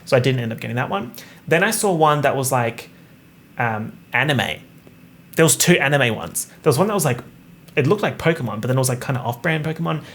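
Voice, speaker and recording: A man's voice: medium pitch, animated, brisk, fairly bright tone, a little hiss or hum. A young man hosting a solo podcast, joking and swearing casually as he wanders off on tangents. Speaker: podcast host. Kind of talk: rambling solo podcast chat.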